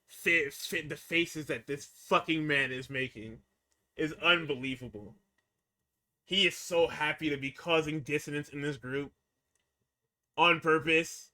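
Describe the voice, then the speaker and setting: Man, podcast co-host, slightly high voice, very bright tone, casual profane recap, animated. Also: measured pace. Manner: animated, acts out quotes, laughs often.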